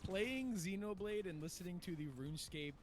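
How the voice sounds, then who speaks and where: A man from northeastern Pennsylvania, speaking with a local accent, co-hosts a podcast and chats casually while gaming. His voice is high with lively intonation at a moderate pace, and he rambles, swears, and laughs easily. There's a little hiss or hum.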